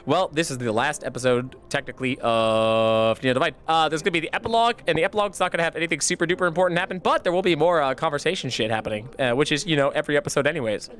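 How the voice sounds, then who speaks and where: Bright-voiced man, casual profane streamer. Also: on the high side, rapid-fire, few pauses. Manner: profane, joking, shouts in bursts.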